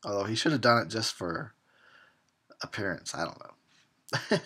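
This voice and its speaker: A man's voice: fairly low pitch, big pitch swings, measured pace, pushed and bright, slightly rough. A man giving a drunken movie commentary, crude and mocking, talking back at the characters and laughing at his own jokes. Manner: talks back at the characters on screen. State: tipsy.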